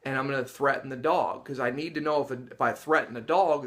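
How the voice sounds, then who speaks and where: A man in an ordinary middle pitch, talking through dog training in a casual, explanatory way. He gets animated and acts out little reactions with gasps and chuckles as he goes. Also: a little fast, few pauses. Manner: animated storyteller who acts out dogs' and people's reactions with gasps and laughs. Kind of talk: casual instructional talk to camera.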